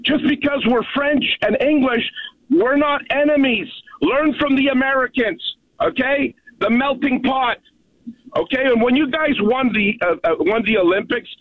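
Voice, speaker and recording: High-voiced husky man ranting down a phone line. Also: normal speed, dry recording. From Canada. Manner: emphatic, keeps checking in with "okay?". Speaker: radio caller. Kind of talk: phoned-in talk radio rant. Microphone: telephone. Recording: narrow phone line, dry.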